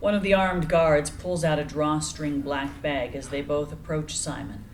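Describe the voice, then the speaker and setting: A woman narrating the action lines of a screenplay reading in an even, descriptive way. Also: low-pitched, unhurried, slight background noise, poor audio.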